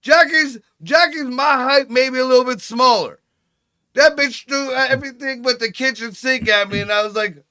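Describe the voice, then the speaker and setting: A man's voice: very high voice, normal speed, pushed and bright. A middle-aged man co-hosting a casual podcast chat, telling crude stories full of swearing. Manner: crude, profane storytelling. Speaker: podcast co-host.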